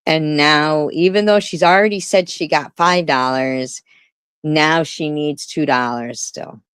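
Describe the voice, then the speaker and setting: A woman's voice: low-pitched, a little slow, fairly bright tone, clean tone, no room sound. A woman giving blunt, sarcastic commentary on a live stream, swearing often.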